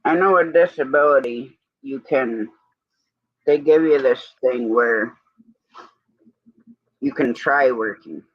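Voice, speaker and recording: A man's voice: medium pitch, slow pace, pauses often, no echo, highs cut off. A man hosting a livestream, telling rambling stories in casual chat and quoting back and forth with "I said". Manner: rambling storyteller, quoting others with "I said". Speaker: livestream host.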